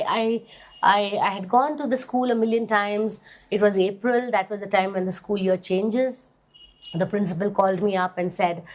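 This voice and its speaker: Earnest woman telling her story. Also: mid-range voice. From India. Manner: earnest, emotional storytelling with restarts and emphatic bursts. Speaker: interviewee, mother. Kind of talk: personal testimony in an interview.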